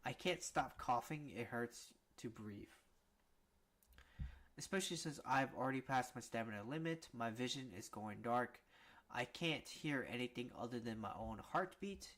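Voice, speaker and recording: A man's voice: medium pitch, normal speed, fairly bright tone, lightly acted. A man voicing a wounded but determined young demon slayer, reading his inner thoughts aloud plainly.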